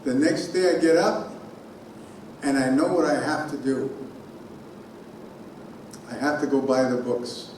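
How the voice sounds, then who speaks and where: A man giving a keynote speech in a conference hall, telling a personal story in an animated way and sounding out noises himself. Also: mid-range voice, unhurried, pauses often, a little hiss or hum. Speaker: keynote speaker. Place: conference hall on a college campus. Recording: very echoey hall from far off.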